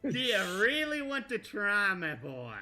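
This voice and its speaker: A man's voice: sits high, wildly swooping pitch, measured pace, pushed and bright, faint music behind, heavily acted. A man doing a blustering pirate captain. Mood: menacing. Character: threatening male pirate captain.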